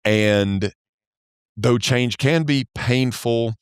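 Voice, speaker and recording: A man's voice: medium pitch, extremely slow, clean tone, no room sound, studio quality. A man with a Southern American accent, a guest on a podcast, talking earnestly and often repeating words as he starts a thought. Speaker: podcast guest, church accounting specialist. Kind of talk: casual interview conversation.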